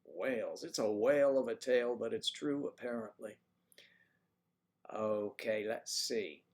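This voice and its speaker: A man's voice: on the low side, measured pace. A man hosting a casual livestream, chatting and teasing as he greets his viewers by name one after another. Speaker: livestream host reading viewer chat.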